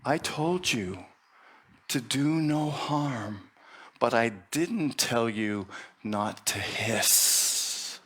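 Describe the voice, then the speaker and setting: A man speaking as a calm, wise old monk. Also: medium pitch, extremely slow, husky, exaggerated voice. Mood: earnest. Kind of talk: storytelling sermon.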